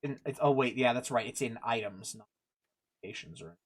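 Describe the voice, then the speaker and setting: A man's voice: medium pitch, a little fast, slightly rough. A man narrating as game master of a tabletop game, rambling and laughing at himself. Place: home recording for a livestream.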